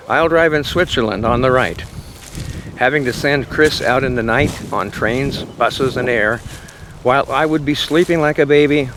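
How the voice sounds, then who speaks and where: A man's voice: medium pitch, noisy background. An older man telling the story of his trip in a chatty, self-deprecating travel vlog. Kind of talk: casual travel vlog narration. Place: partly outdoors in a city.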